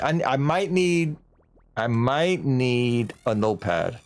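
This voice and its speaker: A man's voice: mid-range voice, animated, takes it slowly, soft background music. A man streaming a video game, chatting casually and mocking himself, now and then slipping into silly put-on voices. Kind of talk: casual let's-play chat.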